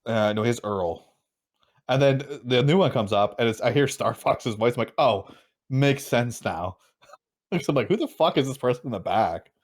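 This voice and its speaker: A man's voice: medium pitch, moderate pace. A man on a podcast chatting casually, swearing and quoting himself as he retells his day. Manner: relaxed, swearing, quotes himself in stories. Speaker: podcast co-host. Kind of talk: casual chat.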